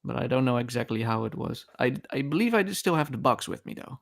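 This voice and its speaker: A man's voice: mid-range voice, lively intonation, quick pace, creaky. A man taking part as a player in a tabletop role-playing game, speaking hesitantly with stammers.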